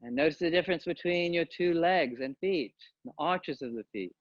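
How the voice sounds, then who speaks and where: Calm male yoga teacher, dull dry sound. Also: a little high, dry recording. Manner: calm, unhurried cueing with pauses. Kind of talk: guided yoga instruction.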